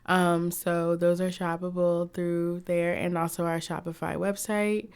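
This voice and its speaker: A young woman from the United States chatting in an interview, telling stories in an animated way and acting out quotes from others. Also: lowish voice, unhurried, smooth. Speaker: guest, cosmetics company founder. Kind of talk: casual interview chat.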